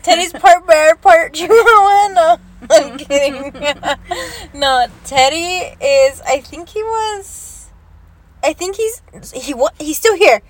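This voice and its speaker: A woman's voice: very high-pitched, expressive, slow pace. A young woman in casual chat who swears freely, laughs often and drops Spanish words into her talk. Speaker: vlogger.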